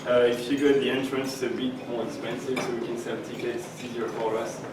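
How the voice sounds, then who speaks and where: Young man, halting club announcement; distant mic, dish clatter. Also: mid-range voice, flat delivery. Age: young adult. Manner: halting, many fillers and restarts. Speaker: exchange student presenting. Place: meeting room with breakfast tables. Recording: echoey room, far mic, dish noise.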